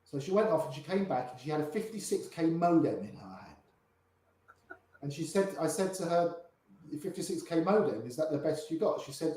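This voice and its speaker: At a normal speed, this older poker player with grey hair shares anecdotes in an interview, his mellow voice a little high and lively. He acts out what people in his stories said, and the recording has an echo.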